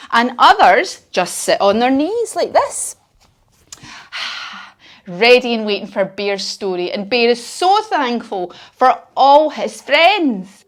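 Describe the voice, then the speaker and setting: A woman leading a children's yoga lesson as a story, encouraging and sing-song. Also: on the high side.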